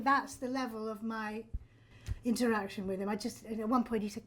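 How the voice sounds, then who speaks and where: Lively older actress. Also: female voice, fairly high pitch, moderate pace. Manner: lively, self-deprecating, laughs often. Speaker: stage actor. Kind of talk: backstage storytelling. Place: theatre backstage.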